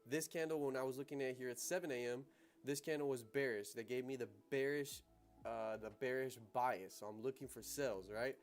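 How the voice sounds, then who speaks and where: A man's voice: medium pitch, fairly quick, faint music behind. A young man hosting a livestream on trading, talking casually in slang and laughing often.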